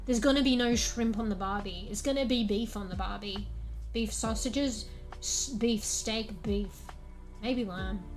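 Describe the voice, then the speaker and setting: A woman's voice: medium pitch, unhurried, faint music behind. A young Australian woman chatting casually on a stream, rambling, swearing often and laughing between thoughts. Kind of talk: casual chat.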